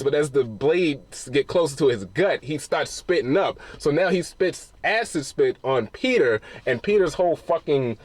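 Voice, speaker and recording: The man has an expressive, medium-pitched voice and talks at normal speed with few pauses. As a movie reviewer recapping a film with spoilers, he's casual and profane, often restarting mid-thought.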